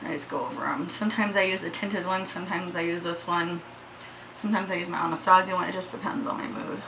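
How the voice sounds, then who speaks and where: A woman's voice: on the low side, steady tone, quick pace, vocal fry, noisy background. A woman chatting casually through a makeup tutorial at home, shaky and anxious, swearing freely. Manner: chatty, swears freely, yells at her dogs. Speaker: beauty vlogger.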